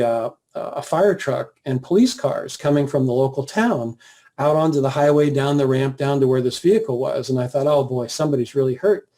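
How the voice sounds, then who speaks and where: Mellow-voiced man telling a personal story. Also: mid-range voice. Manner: earnest, plain-spoken, steady recounting with occasional fillers. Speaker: guest sharing a personal story. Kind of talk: personal testimony, casual storytelling.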